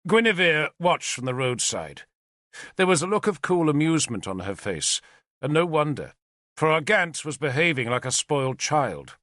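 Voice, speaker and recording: Bright, lively male audiobook narrator. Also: on the high side, moderate pace, no room sound, clean studio sound. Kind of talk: first-person audiobook narration.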